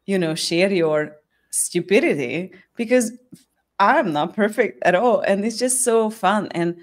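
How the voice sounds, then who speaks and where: A woman's voice: mid-range voice, expressive, measured pace. A woman hosting a casual live chat, talking candidly with frequent laughs and restarts. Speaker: host.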